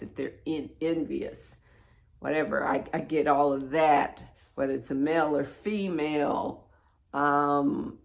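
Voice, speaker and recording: A woman speaking at an unhurried, drawn-out pace with a gravelly fry in her voice. She tells a personal story as a spiritual teacher. She often repeats words and sinks into hushed whispers. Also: deep voice. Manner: halting, repeats words, drops into soft whispers.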